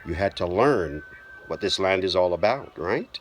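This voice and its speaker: A man delivering a spoken-word preaching monologue, slow and deliberate with repeated emphasis. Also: sits low, animated, faint music behind.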